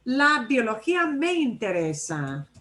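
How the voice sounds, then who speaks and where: Very animated, a Spanish teacher leads a casual class over a video call, talking and explaining at a moderate pace while checking in often with "okay?" and "right?". Her voice is on the high side with a fairly bright tone. The audio is of low quality.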